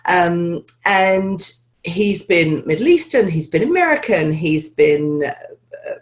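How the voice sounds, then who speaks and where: A woman's voice: on the low side, expressive, slow. A woman speaking as an accent coach in an interview, chatting loosely with many "you know" fillers, over a video call. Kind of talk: conversational interview answers.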